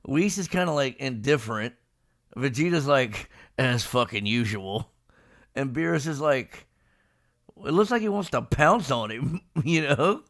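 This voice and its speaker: A man talking casually about a manga chapter, his voice a touch high with a gravelly edge. He retells scenes in an animated way and slips into quick impressions of the characters, laughing as he goes. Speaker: podcast host. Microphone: live stream microphone.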